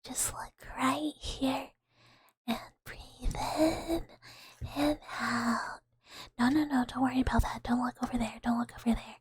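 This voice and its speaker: A woman's voice: high-pitched, fairly even intonation, measured pace, dry recording, exaggerated voice. Woman whispering as a soothing sleep paralysis angel. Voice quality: breathy whisper. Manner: coaxing, repetitive reassurance. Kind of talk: whispered role-play.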